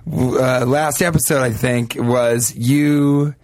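A man's voice: mid-range voice, steady tone, slow pace, darkish tone, no room sound. A man guesting on a comedy podcast, talking in playful, joking banter and slipping into silly voices now and then. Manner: playful, jokey, slips into silly put-on voices.

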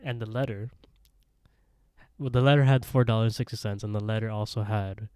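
A man with a low, mellow voice recaps a show episode for his podcast co-host, rambling along and slipping into the characters' lines. The sound is dry and close. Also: steady tone, a little fast, clear, resonant tone, no room sound. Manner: rambling, laughing, acting out quotes. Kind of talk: casual recap chat.

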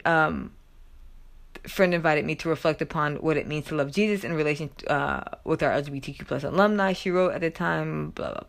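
A woman's voice: deep voice, creaky. A woman giving chatty commentary on a news story, full of fillers and reading quotes aloud. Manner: chatty, filler-heavy, loud animated quotes and laughter. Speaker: commentary vlogger.

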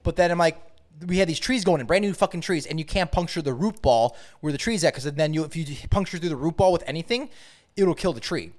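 A man's voice: on the high side, lively intonation. A young man co-hosting a casual chat who tells a ranting work story, swearing heavily as he goes. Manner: heavy swearing, ranting, fast. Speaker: podcast co-host, trades contractor.

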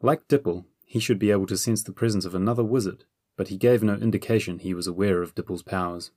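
A man reading a children's fantasy audiobook in a steady, measured way. His voice sits fairly low and the recording is dry and close, with no room sound. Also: no echo. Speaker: audiobook narrator. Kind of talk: scripted narration.

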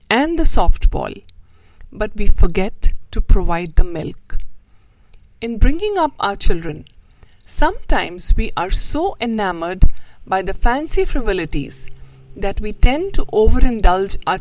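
Woman host reading a storybook aloud: slow, lilting, dry close sound. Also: medium pitch, no echo, low-quality recording. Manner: slow, expressive, gently moralizing. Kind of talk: storybook reading with a moral talk.

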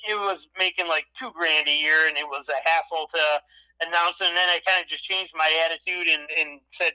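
Very bright-voiced man from Michigan. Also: on the high side, steady tone, fairly quick, poor audio. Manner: long rambling anecdotes. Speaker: podcast guest. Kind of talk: casual chat.

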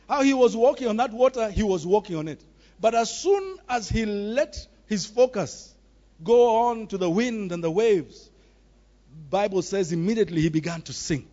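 A man delivers a sermon in a high voice, pressing each point with emphatic repetition. The recording sounds dull and lo-fi, with the top end muffled. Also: a little mellow. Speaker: preacher.

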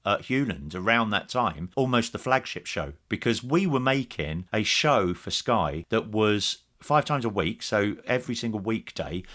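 A man guest in a casual interview, telling anecdotes in a chatty way and livening up when he quotes people. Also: fairly low pitch. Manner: chatty storyteller, animated when quoting others. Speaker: podcast guest, former TV games presenter.

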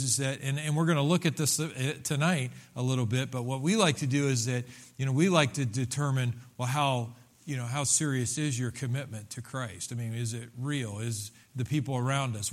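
A male pastor preaching a sermon in a loose, conversational way, with many restarts and fillers and bursts of emphasis. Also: mid-range voice.

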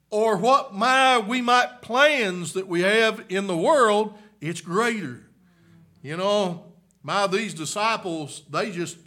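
A high-voiced man preaches a revival sermon, moving from soft murmurs up to shouts and back. Again and again he returns to his refrain, "my, listen, friend."

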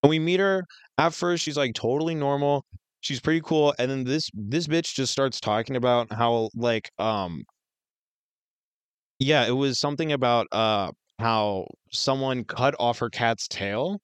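A man's voice: medium pitch, a little slow, smooth, dry recording. A man co-hosting a podcast, telling a long story in casual chat with lots of fillers and swearing. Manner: rambling, heavy on fillers and swearing. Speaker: podcast co-host.

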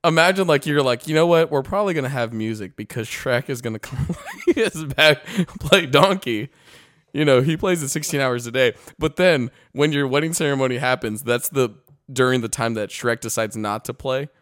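A man's voice: mid-range voice, normal speed, fairly bright tone. A man hosting a casual podcast chat, giggling as he spins silly hypotheticals. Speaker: podcast host.

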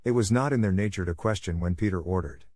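Low-voiced guy reading a storybook aloud, expressive, super dry close mic. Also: fast, no room sound. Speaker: narrator. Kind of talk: storybook audiobook narration.

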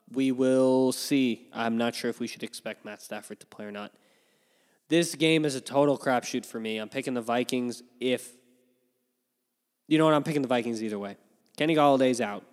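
A man hosting a fantasy football show, giving casual, opinionated picks in an animated way, with frequent ums and yawns. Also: mid-range voice, big-room sound. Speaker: fantasy football podcast host. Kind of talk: casual sports analysis chat.

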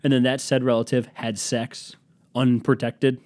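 A man's voice: mid-range voice, flat delivery, a little slow, a little mellow, no echo. A young man hosting a solo podcast, rambling in a jokey, self-deprecating way with some swearing. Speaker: podcast host.

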